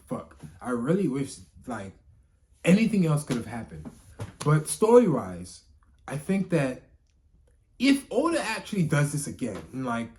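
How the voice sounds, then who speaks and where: A young man giving a casual spoken manga review, rambling with lots of filler words and frequent swearing, and swinging from subdued to excited outbursts. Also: mid-range voice, slight background noise. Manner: emotional, rising to excited outbursts.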